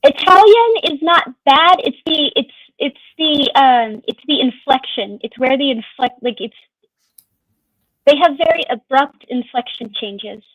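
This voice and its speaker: A woman's voice: high voice, animated, unhurried, no room sound, poor audio. A woman streamer chatting casually in an open group conversation, musing and drawing out her phrases. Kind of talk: casual chat.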